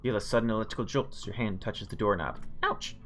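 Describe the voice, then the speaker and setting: Brief: low-pitched male streamer narrating game text, soft music under. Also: quick pace. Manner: muses aloud, makes wry asides. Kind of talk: reading game text aloud and commenting.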